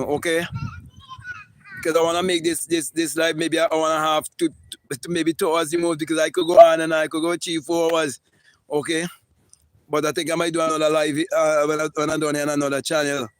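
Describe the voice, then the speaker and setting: Fiery high-voiced man preaching. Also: level tone, a little fast. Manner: emphatic, preachy and profane, with repeated words. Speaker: spiritual teacher streaming live. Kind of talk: impassioned live-stream monologue.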